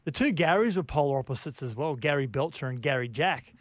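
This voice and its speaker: Aussie co-host jumping in casually, a bit high, dry sound. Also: male voice, lively intonation, a little fast, no echo. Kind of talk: casual banter.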